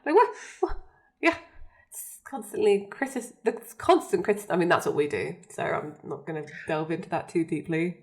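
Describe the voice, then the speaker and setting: A woman's voice: fairly low pitch, animated, moderate pace. Laughing young woman recapping scenes. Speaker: podcast co-host. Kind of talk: casual chat.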